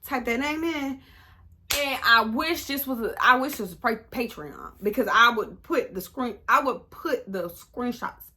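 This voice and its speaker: A woman, animated and sassy, acting out the back-and-forth of a conversation. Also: fairly high pitch, unhurried, a little hiss or hum. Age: 20s. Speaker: vlogger. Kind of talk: storytime vlog.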